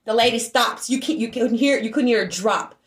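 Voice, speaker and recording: A woman telling a story to the camera in a casual, agitated way, with sudden loud outbursts. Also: a little high, brisk, roomy sound. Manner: animated, agitated retelling with raised outbursts. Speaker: storyteller recounting an incident.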